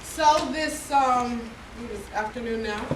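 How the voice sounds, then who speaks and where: A woman's voice: a little high, slow pace. A woman poet performing spoken word poetry with rhythmic, repeating refrains. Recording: echoey room from far off, faint noise.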